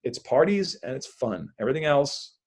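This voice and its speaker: A man, a magician, talking in a lively podcast interview, with loud bursts of enthusiasm and frequent laughter. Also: mid-range voice, moderate pace. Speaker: magician guest.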